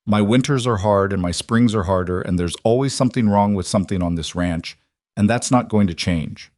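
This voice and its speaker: A man voicing a reserved, careful middle-aged rancher in a storybook reading, halting and earnest. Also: lowish voice, a little mellow, no echo, lightly acted.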